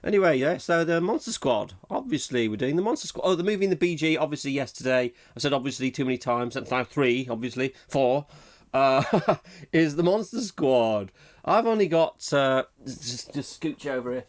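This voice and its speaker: A man chatting alone at his desk for a podcast at a middling pitch. He wanders off topic, laughs at his own mistakes and keeps up a loose, self-mocking patter. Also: animated, normal speed. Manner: rambling and self-mocking, laughs often at himself. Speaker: podcast host. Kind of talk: casual solo podcast chat.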